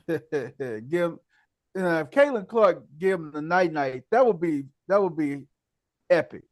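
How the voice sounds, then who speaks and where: A man's voice: on the high side, animated, unhurried, dry recording. A man hosting a casual sports talk podcast, easygoing and slangy, laughing often and tagging sentences with "man". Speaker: podcast host. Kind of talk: casual chat.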